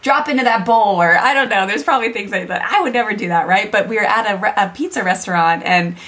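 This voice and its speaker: A woman's voice: mid-range voice, fast, a bit bright. A woman hosting a podcast, chatting enthusiastically and sharing stories about her own kids. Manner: enthusiastic, chatty, mimics scolding parents. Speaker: podcast host. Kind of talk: casual chat.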